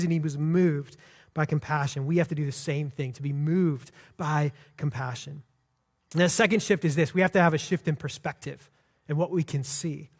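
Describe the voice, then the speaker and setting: A man preaching a sermon as pastor, in a conversational, earnest way with frequent restarts. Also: on the high side. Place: church sanctuary. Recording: long hall reverb.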